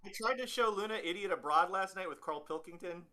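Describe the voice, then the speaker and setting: Guy talking fast on a stream, bright voice, keeps restarting himself. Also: high-pitched. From Southern United States. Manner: rambling, laughs often, many restarts. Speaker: stream guest. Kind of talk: casual chat.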